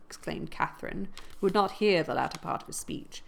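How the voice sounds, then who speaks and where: A woman reading a classic novel aloud in a measured narrating voice that grows louder at dramatic moments. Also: on the low side, lively intonation, creaky. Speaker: reader.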